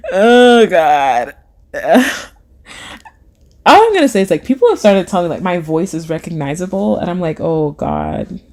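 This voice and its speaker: A woman's voice: expressive, a little fast, pauses often. A young adult woman chatting casually on a live stream, reading out comments from her chat and laughing often. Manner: chatty, giggly, acts out voices with big pitch swings.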